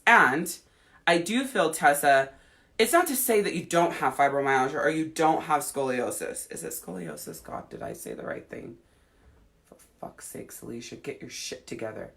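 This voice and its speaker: Bright-voiced, blunt, foul-mouthed woman coach. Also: low-pitched. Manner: blunt and heavily profane, acting out quoted voices. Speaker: life coach. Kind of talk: livestream talk answering viewer comments.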